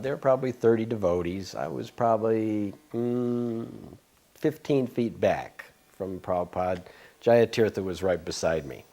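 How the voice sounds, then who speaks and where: A man's voice: medium pitch, darkish tone. A man in his sixties telling a long personal story from his past in an interview, meandering and self-interrupting, with frank asides. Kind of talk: reminiscing anecdotal storytelling.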